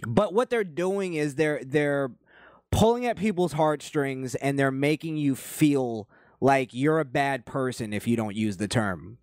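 A man in the middle of a heated, profane rant, hosting his own commentary show. His voice sits at an ordinary middle pitch. The recording is dry and close. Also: measured pace, darkish tone, dry recording. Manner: heated, profane, ranting delivery. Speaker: commentary channel host. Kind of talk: ranting political commentary and comment reading.

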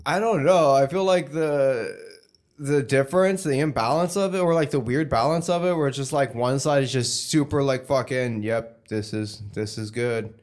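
A man's voice: mid-range voice, normal speed. A young man in casual, crude banter, laid-back and mumbly, laughing often.

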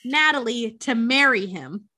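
A woman's voice: fairly high pitch, expressive, a little slow, sharp tone. A woman in casual chat, retelling a story with frequent swearing and acted-out quotes. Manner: chatty, swears freely, acts out quotes. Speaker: podcast co-host recapping a film.

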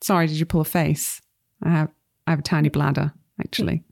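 A woman's voice: sits low, flat delivery, brisk, vocal fry, darkish tone. A woman playing a pushy male studio executive in a tabletop game, salesy and always ending on "okay?". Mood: smarmy. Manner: salesy, keeps tacking on "okay?". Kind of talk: tabletop role-play character voice.

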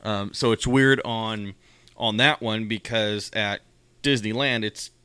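Male co-host, somewhat low pitch, crisp clear voice, dry close sound, careful explainer. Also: fairly even intonation, pushed and bright, dry recording. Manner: measured, explanatory, many fillers. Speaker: podcast co-host. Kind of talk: casual chat.

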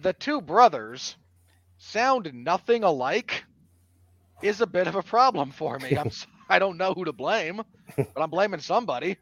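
A man's voice: sits high, moderate pace, no echo. A man co-hosting a casual film review podcast, arguing his points bluntly and critically. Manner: animated, bluntly critical, argumentative.

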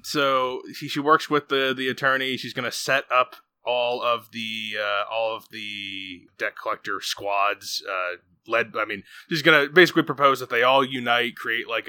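A man hosting a casual movie podcast, recapping the plot in a rambling, animated way with many restarts. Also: lowish voice, clear, resonant tone, dry recording. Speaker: podcast host. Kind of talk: casual movie review chat.

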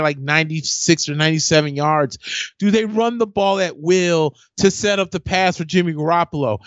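A man with a fairly high voice co-hosts a casual sports talk. He analyzes the game with lots of fillers and restarts. His voice comes through muffled and dry, like call audio. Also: no room sound. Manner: hesitant, filler-heavy analysis.

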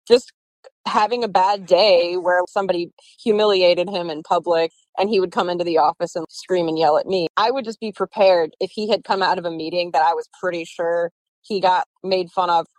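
A woman's voice: fairly low pitch, darkish tone, no echo, poor audio. A young woman in her twenties telling her story casually, chatty, laughing often and acting out quotes. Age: 20s.

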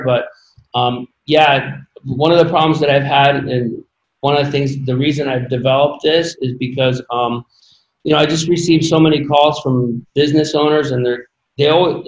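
A man's voice: medium pitch, dull audio, a little hiss or hum. Guy talking earnestly in a casual interview, rambly, emphatic, roomy echo around him. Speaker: podcast guest, former Olympic athlete.

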